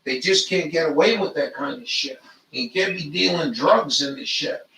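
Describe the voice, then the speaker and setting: A man's voice: fairly high pitch, moderate pace, bright, forceful tone, reverberant, distant mic, a little hiss or hum. An older man telling rambling, profane stories in a meandering monologue. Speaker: vlogger.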